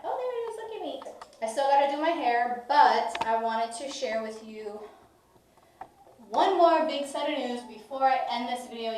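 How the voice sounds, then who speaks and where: A woman's voice: a little high, a little mellow. A woman in her thirties chatting casually in a family vlog, talking to viewers and now and then slipping into sing-song baby talk with her toddler. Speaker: vlogger. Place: room at home, indoors. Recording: very echoey room, voice from a distance, faint noise.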